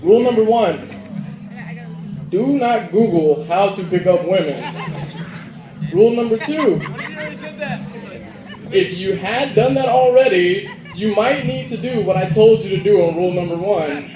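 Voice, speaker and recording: A man's voice: high voice, a little slow, long pauses. A young man performing a stand-up comedy set, telling stories and acting out the characters' lines. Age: young adult. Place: school auditorium stage. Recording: echoey hall with audience noise. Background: audience laughter and murmur.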